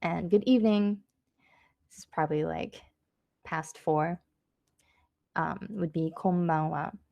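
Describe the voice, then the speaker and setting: A woman giving a casual online language lesson, chatty and loose with lots of fillers, saying practice phrases slowly and clearly. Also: on the low side, darkish tone, dry recording. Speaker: Japanese language teacher.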